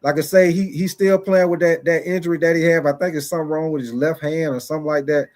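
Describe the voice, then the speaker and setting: A man's voice: fairly high pitch, steady tone, fast, darkish tone. Chatty man hosting a sports livestream. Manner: chatty, repeats phrases, talks straight to chat viewers by name; playful mock-preacher asides. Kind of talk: casual sports talk livestream.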